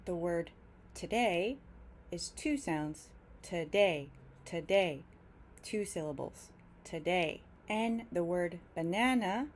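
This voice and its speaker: A woman teaching English pronunciation, explaining clearly and slowly drawing out example words to demonstrate. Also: fairly low pitch, darkish tone, slight background noise. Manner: careful, drawn-out demonstration of words.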